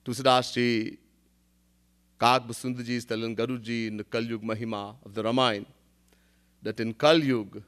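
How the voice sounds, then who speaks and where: A man's voice: mid-range voice, clear, resonant tone. A man, a spiritual teacher giving a devotional discourse, telling stories, chanting Sanskrit verses and often laughing.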